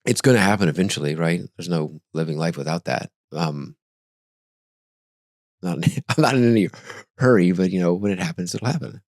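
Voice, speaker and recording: A man's voice: sits low, moderate pace, darkish tone, no room sound, studio quality. A man in his forties hosting a podcast, talking casually and reflectively, often trailing off and restarting his thoughts. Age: 40s. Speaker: podcast host.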